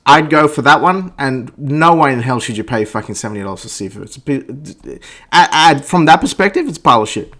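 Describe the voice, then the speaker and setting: Profane ranting man, mid pitch. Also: expressive, fairly quick, bright, forceful tone. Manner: profane, blunt, stammers and restarts. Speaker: gaming vlogger. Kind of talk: ranting game review monologue.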